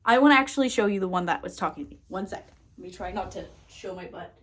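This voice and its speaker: A woman psychic and energy worker chatting casually to camera, expressive, laughing and swearing freely. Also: medium pitch, fast talker, background noise. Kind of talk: casual to-camera vlog chat.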